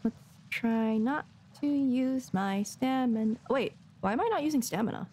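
A woman's voice: a little high, lively intonation, normal speed, a little mellow, slight background noise. A woman streamer giving casual, chatty commentary as she plays, talking to herself and giggling often. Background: game music.

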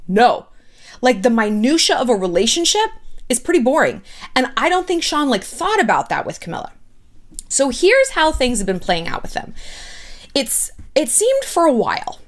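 Woman gossip host, animated and sarcastic, fairly high voice that swoops all over. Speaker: pop culture commentary host. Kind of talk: casual gossip commentary.

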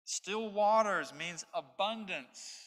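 A man's voice: sits high, takes it slowly, fairly bright tone. A man preaching an expository sermon as pastor, stressing his points through repetition. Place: church sanctuary. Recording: long hall reverb.

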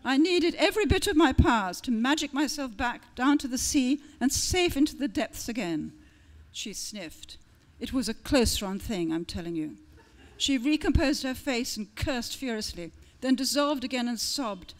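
A woman author reading her own first-person fiction aloud at a literary event, with lively, expressive storytelling that shifts tone for different characters. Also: high voice, moderate pace.

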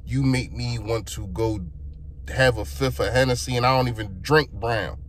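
A man's voice: medium pitch, fairly even intonation, normal speed, slight background noise. A young man delivers a frustrated sports opinion rant and talks straight to his listeners. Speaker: sports fan vlogger.

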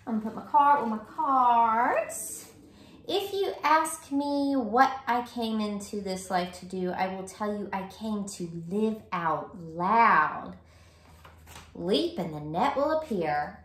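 A woman's voice: mid-range voice, lively intonation, a bit bright. A woman, gushing with delight in a casual vlog. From Virginia, US. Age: 30s. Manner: effusive, gushing, slow and drawn-out. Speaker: vlogger. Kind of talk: casual gift-opening vlog. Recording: roomy echo.

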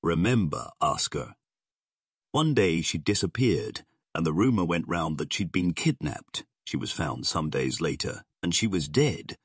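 A man's voice: deep voice, sing-song, measured pace, husky, dry recording, clean studio sound, exaggerated voice. A man voicing a sardonic male gangster boss who drawls his threats in slang. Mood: menacing.

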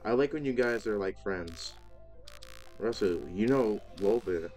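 A man's voice: lowish voice, animated, a little slow, a little mellow, soft background music. A man giving let's play commentary, talking to the game's characters and breaking into startled exclamations. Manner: talks to game characters, frequent startled exclamations. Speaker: gaming video host.

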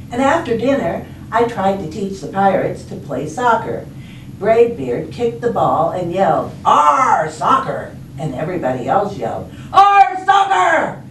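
Librarian reading storytime, unhurried and lively, echoey library room, far from the mic. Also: female voice, fairly low pitch, a little hiss or hum. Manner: expressive, slow storytelling. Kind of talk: storybook read-aloud. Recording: roomy, distant, faint ambience.

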